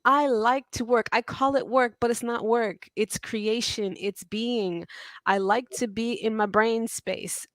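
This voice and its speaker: A woman in her forties, a teacher and mother, chatting as an interview guest in an animated, self-deprecating way with frequent laughter. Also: a little high, measured pace, no echo. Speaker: podcast guest, teacher and mom. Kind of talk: casual interview chat.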